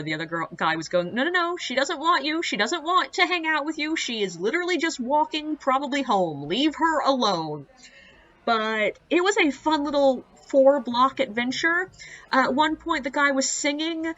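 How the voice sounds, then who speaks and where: A woman who works as a ghost tour guide, telling a funny story in a casual, wry, animated way. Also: on the high side, no echo, highs cut off.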